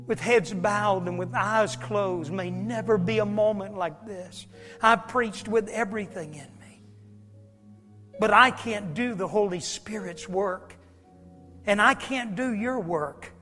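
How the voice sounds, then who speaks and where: A male preacher delivers a revival sermon in a high voice. He swells to shouted peaks and sinks to whispers. His words ring through the long echo of a church hall, with soft music underneath. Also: slow pace. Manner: swells to shouted climaxes, then drops to a whisper. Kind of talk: revival sermon with altar call. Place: church sanctuary. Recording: long reverb of a large hall.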